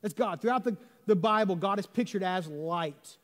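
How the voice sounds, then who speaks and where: A man preaches to his congregation, talking to them like a friend and checking in with quick rhetorical questions. His voice sits high for a man. It rings out with the long reverb of a large church sanctuary. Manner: conversational preaching with rhetorical questions and Southern "y'all". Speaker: pastor. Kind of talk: sermon. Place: church sanctuary under stage lights.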